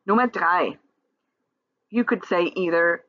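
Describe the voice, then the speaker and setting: A woman teaching a German lesson, explaining in English and reading the German example sentences slowly and clearly. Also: medium pitch, animated, highs cut off. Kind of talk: recorded language lesson.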